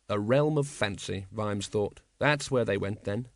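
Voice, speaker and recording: A man reading an audiobook, a measured, wry scripted narration. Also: on the low side, no echo, clean studio sound.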